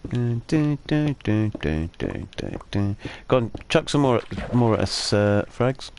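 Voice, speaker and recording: Low-voiced joking man streaming. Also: big pitch swings, unhurried, gravelly, a little mellow, slight background noise. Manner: joking, chatty, with frequent fillers. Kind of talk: casual gaming chat.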